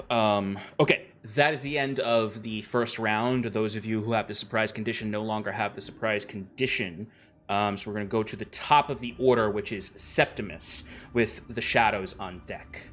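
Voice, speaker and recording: A man's voice: fairly low pitch, steady tone, moderate pace, fairly bright tone. A man narrating as game master of a tabletop game, describing the action in a loose, rambling way. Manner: descriptive and loose, with many fillers and restarts.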